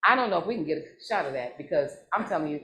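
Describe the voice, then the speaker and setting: An excitable, low-pitched woman hosts a live church cooking demonstration, talking in a rapid-fire way. She speaks directly to her audience, repeats herself, and keeps calling out to them.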